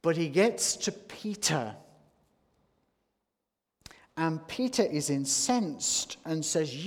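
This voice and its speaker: A man preaching a sermon, slow and deliberate, rising to emphatic points. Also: fairly high pitch, expressive. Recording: long hall reverb.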